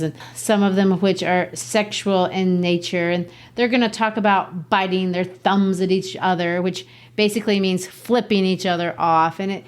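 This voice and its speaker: A woman from Brazil, hosting a podcast and casually explaining a play, chatty and quick to laugh. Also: lowish voice. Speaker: podcast host. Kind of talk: literature lesson, casual explaining.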